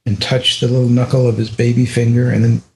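An older man telling a personal story in an interview, halting with restarts and often dropping to a soft voice. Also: mid-range voice, flat delivery, vocal fry, a little hiss or hum.

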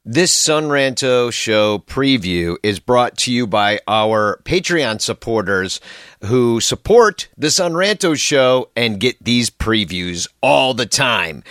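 A man's voice: mid-range voice, fairly bright tone, dry recording, studio quality. A man hosting a solo sports podcast in a casual, rambling and sarcastic way. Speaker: podcast host.

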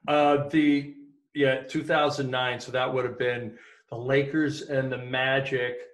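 A man's voice: medium pitch, flat delivery. A man interviewing a guest in a conversational, joking way. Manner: conversational, quick to react and joke. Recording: echoey room.

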